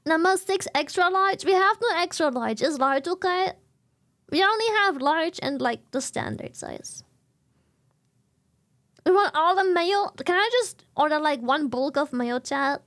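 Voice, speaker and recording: Rich: A woman with a notably high voice chats with her stream audience in a loose, playful way. She tosses in singsong little asides as she talks. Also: lively intonation, measured pace, fairly bright tone. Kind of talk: casual chat with viewers.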